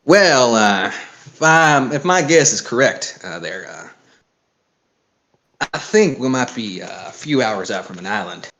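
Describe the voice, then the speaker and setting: A man running a tabletop role-playing game, narrating and chatting in a halting way. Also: medium pitch. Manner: animated, halting with fillers. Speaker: game master.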